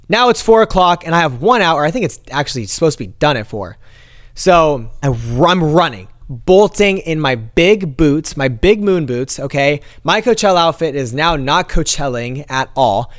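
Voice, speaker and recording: Animated young man telling a story. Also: normal speed. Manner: expressive, acts out quotes with big pitch jumps. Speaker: vlogger.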